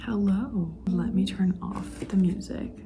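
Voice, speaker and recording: Animated woman chatting about a book. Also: medium pitch, a little slow, over music. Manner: emphatic, restless, frequent "like" and restarts. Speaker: book vlogger. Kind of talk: casual reading vlog, reacting and reading aloud.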